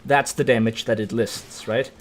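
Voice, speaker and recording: A young man from Denmark chats through a live game stream at an ordinary mid pitch. He swears and yelps at surprises, then settles into long explanations. A faint hiss sits under the voice. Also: fairly even intonation, normal speed. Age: 20s. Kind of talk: casual live-stream gaming chat.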